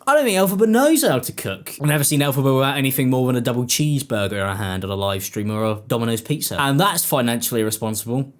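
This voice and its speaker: A man's voice: mid-range voice, animated, fast talker, few pauses. A British man giving sarcastic, dry commentary on online clips. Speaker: YouTube commentator.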